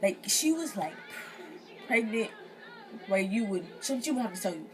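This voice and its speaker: A young woman vlogger tells a personal story casually, her mid-range voice at normal speed with crowd noise behind her. She's animated, slangy, and profane, acting out what people said.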